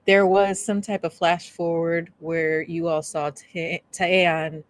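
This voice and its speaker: A woman's voice: on the low side, flat delivery, slow. A woman playing in a tabletop game, talking hesitantly and thinking aloud with fillers. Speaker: player. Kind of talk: casual tabletop game chat.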